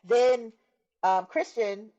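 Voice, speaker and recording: A woman's voice: on the high side, extremely slow. Middle-aged woman telling her story on a show, earnest, kinda muffled sound. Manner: earnest, warm storytelling with laughs and acted-out quotes. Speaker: guest sharing a testimony. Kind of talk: conversational storytelling interview.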